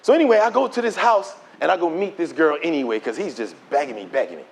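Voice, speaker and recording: A middle-aged man giving his testimony as a preacher, telling the story in an animated way and acting out the dialogue. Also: fairly high pitch, fast, vocal fry, a little hiss or hum. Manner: animated storytelling, acts out dialogue in quoted voices. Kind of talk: preached testimony to a conference audience.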